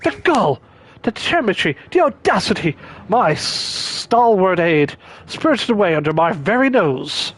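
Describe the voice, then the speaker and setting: A flamboyant gentleman inspector from a game, voiced high and swooping with sweeping, exclamatory lines, as a man puts him on. He talks in grand, theatrical outbursts. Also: sing-song, measured pace, exaggerated voice. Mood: outraged.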